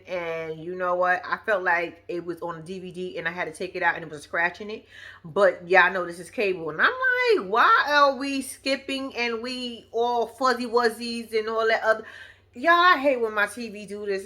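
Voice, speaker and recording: A woman's voice: medium pitch, sharp tone. A woman recapping a reality show episode in casual, profane chat, talking straight to her viewers.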